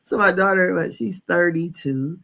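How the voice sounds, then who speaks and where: A woman's voice: lowish voice, moderate pace, creaky, a bit bright. A woman in her fifties hosting a casual live stream, chatty and candid, laughing often as she talks. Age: 50s. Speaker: podcast host.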